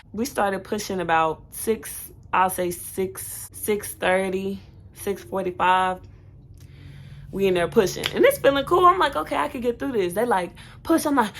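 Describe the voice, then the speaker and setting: A woman's voice: on the low side, gravelly. A young woman telling her own birth story in a casual storytime vlog, candid and chatty, with fillers and self-corrections.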